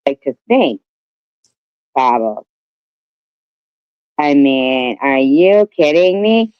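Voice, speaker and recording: A man's voice: medium pitch, very animated, very slow, clean tone, no echo. Man reading chat with muffled sound. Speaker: livestream co-host reading chat. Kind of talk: reading comments aloud. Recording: slightly muffled stream audio.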